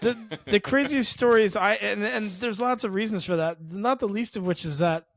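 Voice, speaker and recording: A man's voice: high voice, normal speed, vocal fry, a bit bright. A man co-hosting a casual podcast, teasing his friend and laughing often. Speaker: podcast co-host.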